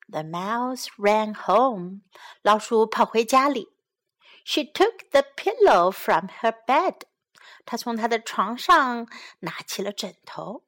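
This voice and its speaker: A woman reading a children's storybook aloud and teaching from it, in a slow, gentle and expressive way. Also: a little high.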